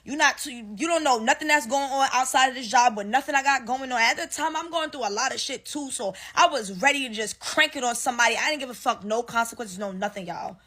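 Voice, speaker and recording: A woman's voice: high voice, fast talker, hardly any pauses, pushed and bright. A woman telling a workplace story to her audience, casual and blunt, swearing and acting out both sides of an argument. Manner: blunt, swears freely, slangy.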